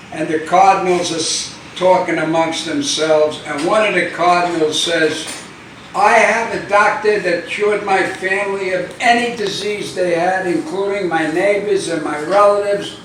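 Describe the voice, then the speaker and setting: A man's voice: sits high, a bit bright. A man telling dirty jokes, acting out each character's lines in a raised voice and laughing at his own punchlines. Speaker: joke teller. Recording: distant mic in a very echoey room, faint background noise.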